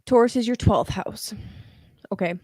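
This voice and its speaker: A woman's voice: on the high side, normal speed, a little mellow, no echo, clean studio sound. A young woman hosting a live tarot reading, chatting casually with viewers in a slangy, laughing manner. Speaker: tarot reader livestream host.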